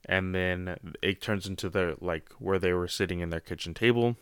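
Low-voiced man rambling through a review. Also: moderate pace, smooth, no room sound, clean studio sound. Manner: rambling, heavy on "you know" fillers. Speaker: comic book reviewer. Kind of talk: casual spoken review.

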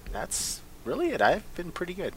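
A man co-hosting a casual podcast over a remote call, relaxed and soft-spoken. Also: fairly high pitch, slight background noise. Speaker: podcast co-host.

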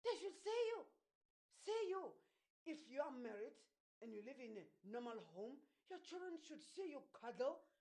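Woman pastor, high voice, sermon, emphatic, repeats herself, keeps asking if the flock follows. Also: rough recording. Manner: emphatic, repeats phrases, asks listeners if they understand. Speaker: preacher.

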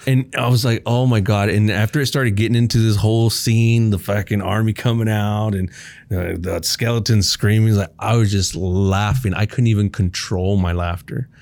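A man's voice: fairly low pitch, steady tone, normal speed, creaky, a little mellow. Laid-back man telling a story. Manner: laid-back, swears often, laughs while telling. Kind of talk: casual storytelling chat.

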